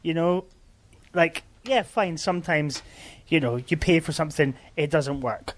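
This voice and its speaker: Uomo dalla voce un po' alta, schietto. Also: male voice, on the high side, a little slow. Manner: laughs easily, blunt and sweary. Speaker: podcast co-host. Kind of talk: casual chat. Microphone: phone line.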